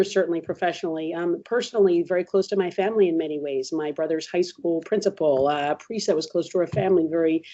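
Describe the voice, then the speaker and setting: A middle-aged woman, hoarse from a cold, speaking earnestly as a webinar guest with many fillers. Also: on the low side, warm tone. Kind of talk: webinar talk. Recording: dull lo-fi webinar audio.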